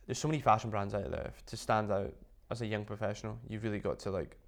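Low-voiced man telling a story. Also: fast talker, vocal fry. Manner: animated, chatty, many fillers and restarts. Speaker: interview guest, business founder. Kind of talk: casual storytelling.

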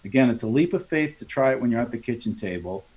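Man coaching on sales, mid-pitched voice. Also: lively intonation, fast talker, darkish tone, slight background noise. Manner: coaching tone, acts out customer dialogues, frequent tag "right?". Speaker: sales and financing trainer. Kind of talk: conversational podcast interview.

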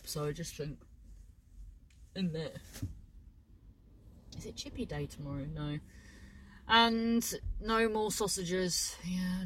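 A woman's voice: lowish voice, rough recording. A woman chatting casually to camera in a rambling, sweary way, often trailing off mid-thought. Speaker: vlogger.

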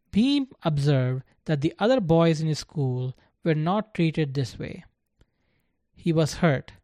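Slow, measured storybook narrator. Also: mid-range voice, a little mellow, no room sound, studio quality. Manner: slow, deliberate reading. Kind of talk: scripted storytelling.

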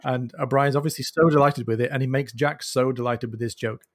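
A man's voice: medium pitch, a little fast. A man hosting a podcast, chatting about a novel's humour and now and then reading lines. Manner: animated, reads quoted lines in put-on accents. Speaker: podcast host. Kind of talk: conversational book discussion.

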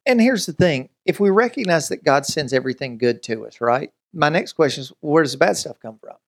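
A man preaching a conversational sermon as pastor, lively and joking, acting out everyday scenes as he goes. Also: fairly high pitch, fairly quick, vocal fry.

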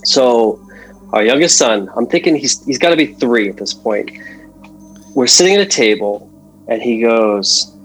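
A man in his forties, a guest painter from Massachusetts, chatting casually on a podcast and telling stories in an animated way. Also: medium pitch, a little slow, soft background music, low-quality recording. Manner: animated storyteller, restarts and fillers.

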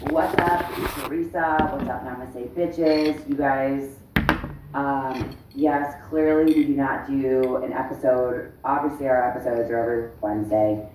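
A woman's voice: very deep voice, fairly even intonation, measured pace. A woman podcast co-host talking in a fired-up, indignant way in casual chat. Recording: roomy, distant mic, faint noise.

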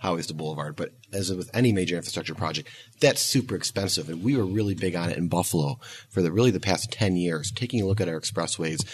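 A man's voice: deep voice, fast, slightly rough. A man in a conference audience making an emphatic, enthusiastic point. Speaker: audience member asking a question. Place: conference session room.

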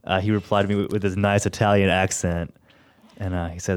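A man's voice: low-pitched, fairly even intonation, fast, a little mellow, clean tone, no room sound. A young man from Tennessee, hosting a radio show in casual, rambling chat and laughing easily. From Tennessee, USA.

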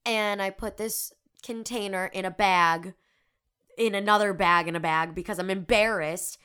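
A woman's voice: mid-range voice, fairly even intonation, moderate pace, pushed and bright, smooth. A woman in her twenties hosting a podcast, telling candid, self-deprecating stories in casual chat with frequent giggles. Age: 20s. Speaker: podcast host.

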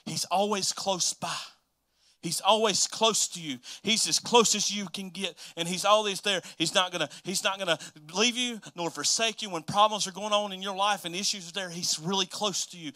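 A man with a high-pitched voice preaches a sermon as a pastor. He shifts between hushed, gentle passages and loud, emphatic lines built on repeated rhythmic phrases.

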